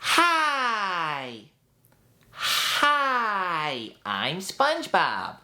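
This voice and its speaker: A man voicing a cheerful, high-voiced cartoon sea sponge, keeping the sound light and pushed to the back of the throat. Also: wildly swooping pitch, drawn-out words, bright, forceful tone, full character voice. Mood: chipper.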